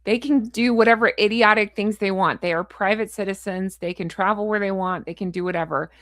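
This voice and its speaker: A woman vlogger who does royal commentary chats to camera, frustrated, blunt, and ranting, then signs off in a chatty, rambling way. Her mid-range voice is fairly quick and a bit bright, in clean studio sound with no echo.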